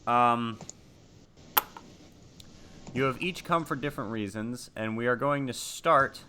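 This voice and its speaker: A man narrating and hosting a tabletop horror game as game master, in a relaxed, conversational way. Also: medium pitch, slow, noisy background.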